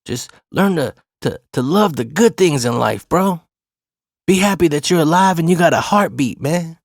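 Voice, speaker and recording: A man putting on his old high school basketball coach, blunt and insistent, swearing at times while he lectures. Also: expressive, normal speed, no echo, studio quality. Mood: earnest.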